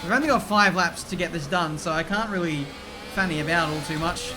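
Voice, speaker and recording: Excitable man commentating a race game. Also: on the high side, a little fast, background noise. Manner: chatty, excitable, swears mildly. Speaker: gaming video creator. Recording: game music behind voice.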